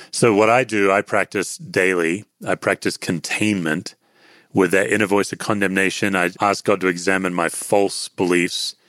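A man's voice: sits low, fairly bright tone, no room sound, clean studio sound. An Australian man, a podcast guest and author, answering interview questions in an earnest, reflective, pastoral way.

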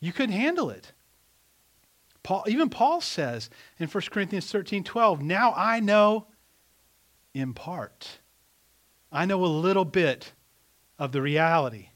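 Animated preaching man, conversational. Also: high voice, measured pace, pauses often. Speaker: pastor. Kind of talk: sermon.

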